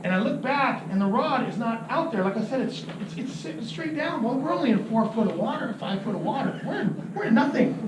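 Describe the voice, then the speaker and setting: A man teaching about fishing, telling an animated story, laughing often and acting out what people said. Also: extremely high pitch, brisk, few pauses. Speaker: fishing instructor. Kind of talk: anecdotal teaching talk. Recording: roomy, distant mic with noisy ambience.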